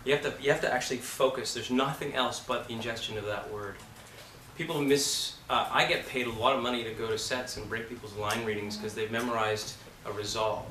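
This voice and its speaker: Acting coach, blunt and swearing freely, with a sharp forceful voice, recorded from across a roomy classroom. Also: male voice, medium pitch, fairly even intonation, brisk, a little hiss or hum. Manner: blunt, profane and emphatic. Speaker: acting teacher. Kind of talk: casual classroom talk. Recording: roomy, from a distance.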